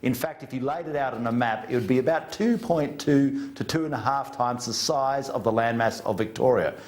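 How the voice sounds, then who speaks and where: A man's voice: mid-range voice, a little fast, darkish tone. An Australian man, a minister, answering interview questions in a blunt, folksy, plain-spoken way. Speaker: government minister as interview guest. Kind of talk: interview down a remote studio link.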